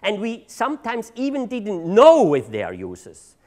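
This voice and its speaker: Middle-aged man, conference speaker, high voice, swinging intonation, halting, repeats words. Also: huge pitch swings, a little mellow. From Switzerland. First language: German. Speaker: drug treatment agency leader giving a seminar talk. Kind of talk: conference presentation. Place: seminar room.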